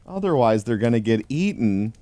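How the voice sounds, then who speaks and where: A man giving a deadpan comedic reading of a holiday pun book, with dry delivery. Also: medium pitch, moderate pace, dry recording. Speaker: host.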